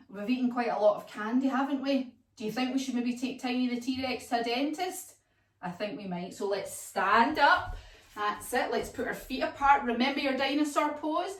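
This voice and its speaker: A woman teaching a children's yoga class as a story, animated and sing-song with playful sound effects. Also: a little high. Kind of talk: storytelling kids' yoga lesson. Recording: echoey room, voice from far off.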